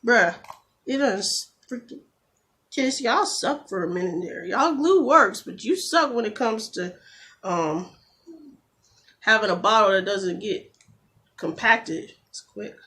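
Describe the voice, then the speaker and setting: Woman doing a nail tutorial on her phone camera, chatty, jokey, gets fed up quick. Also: mid-range voice, expressive, a bit bright. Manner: chatty, quick to get exasperated, jokey asides. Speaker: beauty vlogger. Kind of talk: casual tutorial chat.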